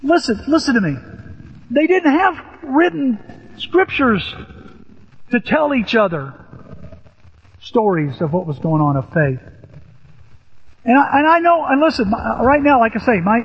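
A man's voice: very high-pitched, animated, a little slow, long pauses, slightly rough. An older man preaching a sermon, telling stories animatedly with sudden rises in his voice. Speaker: pastor. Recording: echoey hall, dull lo-fi sound.

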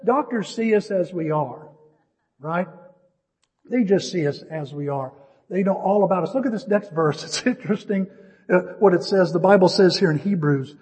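A middle-aged man preaching a sermon, telling a personal story in an animated way with jokey asides. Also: high voice, big-room sound. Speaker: pastor.

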